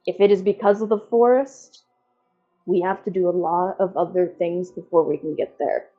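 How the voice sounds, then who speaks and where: A woman voicing an ancient, sorrowful tree spirit in a deep, resonant voice, speaking solemnly. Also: steady tone, normal speed, narrow, tinny audio, faint music behind, close to an everyday voice. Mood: grave.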